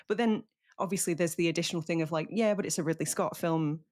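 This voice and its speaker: A woman's voice: lowish voice, fast, darkish tone. A woman co-hosting a film podcast, talking casually in a wry, blunt way and laughing often. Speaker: podcast co-host. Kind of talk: casual film review chat.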